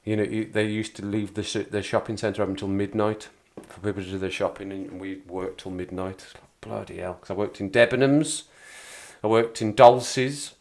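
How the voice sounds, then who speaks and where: Man, Black Country accent, casual livestream chat, rambling and repetitive, lowish voice. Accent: Black Country English. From England, Black Country. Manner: rambling, chatty, repeats himself. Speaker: livestream host.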